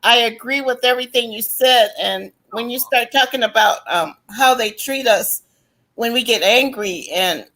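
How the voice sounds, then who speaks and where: A woman's voice: on the high side, moderate pace, bright, forceful tone, low-quality recording. Friendly woman calling in. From United States. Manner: friendly, a little hesitant with fillers. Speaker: caller. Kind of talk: casual call-in chat.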